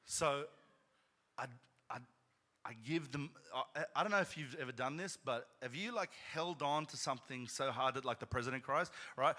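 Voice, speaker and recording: Male pastor, sermon, chatty storytelling, asks "right?" often, bright forceful tone, long church reverb. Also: mid-range voice, normal speed, long pauses. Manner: conversational, frequent "right?" asides, rising to loud emphatic peaks. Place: church sanctuary.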